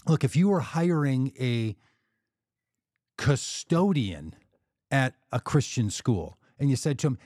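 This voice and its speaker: Give me a podcast co-host with a warm, relaxed voice recorded dry and close. He argues his point in loose, casual talk and throws in mock voices for the people he quotes. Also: medium pitch, unhurried, dry recording. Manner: argumentative, acts out quoted speakers in mock voices. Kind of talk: casual political discussion.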